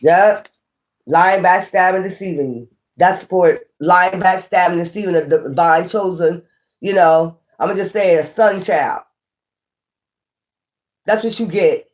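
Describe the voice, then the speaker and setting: A woman giving a casual, animated tarot reading, often scolding and repeating herself. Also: lowish voice, measured pace, long pauses. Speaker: tarot reader.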